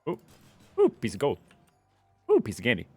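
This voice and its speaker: A man's voice: mid-range voice, huge pitch swings, normal speed, mellow, breathy edge, no room sound, faint music behind. A young man giving playful live commentary as he plays a game, humming along and taunting enemies. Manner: playful, taunts enemies and hums while playing. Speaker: streamer.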